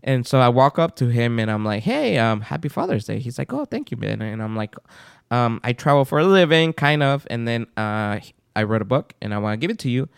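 A man telling a story on a podcast with a lively voice that rises and falls, and he keeps slipping into the voices of the people he met. His voice is smooth and resonant, recorded close and dry. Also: mid-range voice, brisk, no room sound. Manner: animated storyteller acting out quoted people. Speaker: podcast co-host. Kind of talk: casual storytelling chat.

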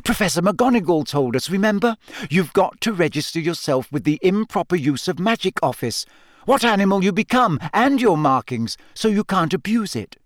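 A man doing a brisk, studious teenage girl. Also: high-pitched, big pitch swings, no echo, studio quality, pitched above the performer's own voice. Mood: insistent. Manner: brisk, cross.

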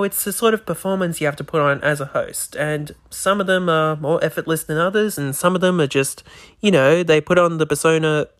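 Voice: medium pitch, fairly bright tone. A podcast host talking alone into a microphone, rambling with many restarts and words that sometimes slur. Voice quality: slightly slurred words. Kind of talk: solo podcast monologue.

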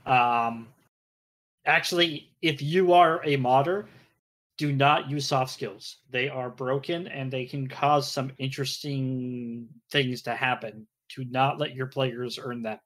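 Man, mid pitch, bright edgy voice, casual stream chat, dry teasing. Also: fairly even intonation, slow. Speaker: co-host on a stream.

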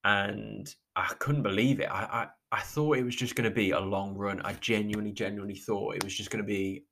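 A man speaks in a low, slightly deep voice. He talks slowly through a personal story, restarting sentences and trailing off. He sounds close to tears. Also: steady tone, gravelly, a bit bright. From England. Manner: halting, with many restarts and trailing pauses. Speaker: podcast host. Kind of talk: reflective personal monologue.

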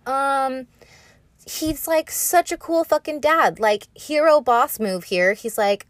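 A woman's voice: high-pitched, lively intonation, takes it slowly, no room sound. A young woman vlogger recapping a story casually, rambling, sarcastic and full of swearing.

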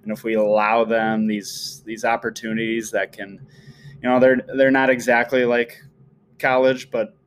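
A man hosting a casual conversation, relaxed, with fillers. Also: medium pitch, normal speed, slight background noise, poor audio. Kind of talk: casual chat.

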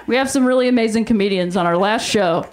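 A woman in her thirties hosting a live show and doing stand-up, telling stories in an animated way and laughing through her lines. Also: a little high, fast. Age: 30s. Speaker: host and stand-up comedian. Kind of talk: live stand-up comedy set. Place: comedy stage before a live audience. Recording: loud background noise from the room. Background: audience laughter.

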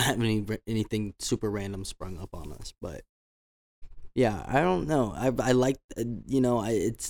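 A man with a somewhat low voice talks through casual stories on his own show. He rambles, circling back with fillers and false starts as he goes. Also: darkish tone. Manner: rambling, many restarts and fillers. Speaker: podcast host. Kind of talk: casual storytelling monologue.

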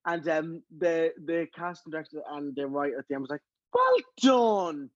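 A man's voice: fairly high pitch, fairly quick, no echo. A man in his thirties, a musical theatre actor telling stories in a casual chat, acting out other people's voices. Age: 30s. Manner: animated storyteller, acts out voices. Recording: dull, dry close recording.

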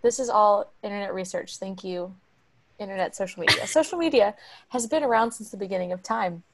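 A woman's voice: mid-range voice, a little fast, a crowd in the background. A young woman, telling a story on a podcast in a chatty way. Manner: chatty, acts out quoted voices. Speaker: podcast co-host.

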